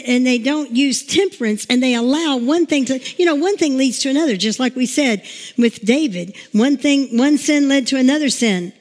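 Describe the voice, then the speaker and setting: A woman pastor giving a chatty, emotional sermon, telling stories and laughing along the way. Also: sits high. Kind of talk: informal sermon with storytelling. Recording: long reverb in a large room.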